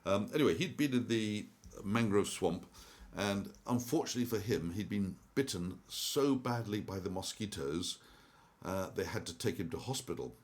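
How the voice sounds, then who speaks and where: Low-voiced older guy rambling on about markets and an old story, lots of ums. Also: lively intonation, moderate pace. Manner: rambling, with many ums and restarts. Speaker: investment commentator. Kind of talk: casual monologue.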